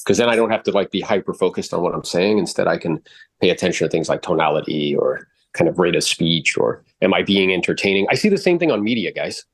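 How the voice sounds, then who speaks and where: A man coaching after a live role-play call, blunt and animated, swearing freely and jumping into exaggerated voices to act out quotes. His voice sits fairly low and sounds close and dry, with no room echo. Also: fast talker. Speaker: real estate coach and podcast host.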